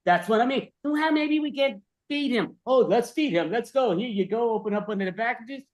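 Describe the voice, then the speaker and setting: A man's voice: extremely high pitch, animated, normal speed. A man playing a cheery dog sled driver who chats and coos at his dogs. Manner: chatty, cooing at dogs.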